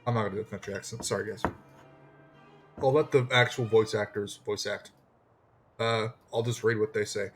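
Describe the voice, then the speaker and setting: A man's voice: lowish voice, fairly even intonation, moderate pace, long pauses, a bit bright, soft background music. A man streaming a game live, making jokey, chatty asides to his viewers. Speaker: gaming streamer. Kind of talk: casual live-stream commentary.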